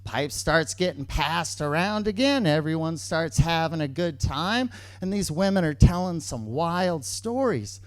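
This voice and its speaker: A man tells a true story on stage, his pitch leaping up and down as he goes. He often repeats key lines for emphasis. The sound is close and dry, with almost no room around it. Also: lively intonation, measured pace, hardly any pauses, no echo.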